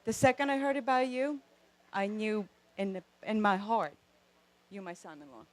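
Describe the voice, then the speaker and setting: The bride's mother giving a loud, exuberant wedding toast outdoors in a backyard, calling out to the crowd. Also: medium pitch, normal speed, no echo.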